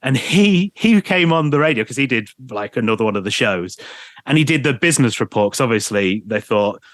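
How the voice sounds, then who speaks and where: A man, a radio presenter telling lively anecdotes in an interview, laughing often and mimicking people he knew. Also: medium pitch, fairly quick, no echo, studio quality. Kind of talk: storytelling interview chat.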